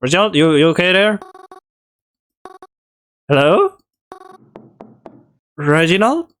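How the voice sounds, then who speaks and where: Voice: mid-range voice, big pitch swings, takes it slowly, a bit bright. A streamer voicing a frantic, stammering young woman. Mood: uneasy. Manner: pleading, stammering. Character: nervous young woman trapped in a coffin. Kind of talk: reading a visual novel aloud.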